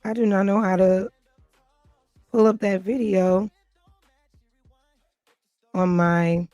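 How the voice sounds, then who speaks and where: A woman's voice: mid-range voice, fairly even intonation, slow pace, dark tone, dry recording, faint music behind. A woman hosting a casual livestream, chatty and flustered, often laughing as she talks to her audience. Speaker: livestream host. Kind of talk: casual chat to a live audience.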